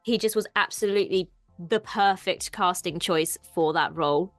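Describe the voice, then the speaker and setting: A woman's voice: lowish voice, normal speed, no echo, faint music behind. A woman with an Irish accent co-hosting a casual TV discussion, chatty and enthusiastic. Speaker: co-host.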